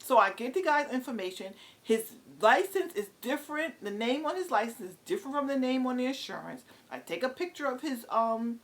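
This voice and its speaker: Animated middle-aged woman. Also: high-pitched. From New York City. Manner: animated, exasperated, halting with many fillers. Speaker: vlogger. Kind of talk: casual storytelling rant.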